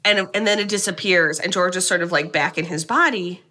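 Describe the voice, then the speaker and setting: A woman co-hosting a podcast, recapping a horror movie in animated, sarcastic casual chat with some swearing. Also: fairly low pitch, fairly quick. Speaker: podcast co-host.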